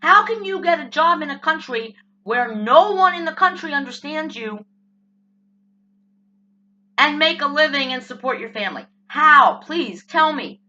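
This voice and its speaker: A woman's voice: high-pitched, lively intonation, a little slow, bright, forceful tone, highs cut off. A woman with a New Jersey accent delivering a blunt, profane comic rant as a political commentator. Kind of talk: ranting comic monologue.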